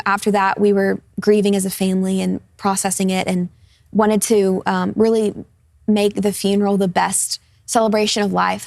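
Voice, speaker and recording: A twenty-something woman gives her personal testimony as a talk show guest in a television studio, earnest and open, with easy laughter in lighter moments. Her mid-range voice has vocal fry, and there's no echo.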